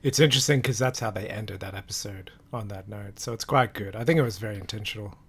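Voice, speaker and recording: A man's voice: fairly low pitch, fast talker, breathy edge. A man co-hosting a live watch party, asking questions and giving his opinions about an episode in casual conversation. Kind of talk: casual chat reacting to a TV episode.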